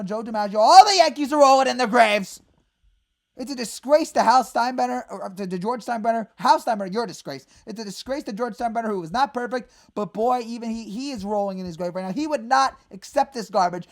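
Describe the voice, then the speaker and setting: A fed-up woman rants as a fan host, and her fairly high voice swings from low mutters to sudden shouts. She sounds worked-up and exasperated. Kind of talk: angry fan rant.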